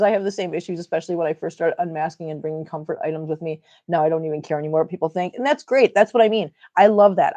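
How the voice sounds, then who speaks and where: A middle-aged woman with a warm, lowish voice chats and jokes on a casual livestream while reading comments from her viewers aloud.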